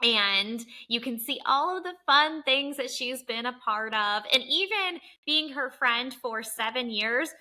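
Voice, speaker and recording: A woman's voice: sits high, expressive, measured pace, few pauses, sharp tone. A woman podcast host speaking appreciatively and upbeat as she wraps up an interview. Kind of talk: casual interview chat.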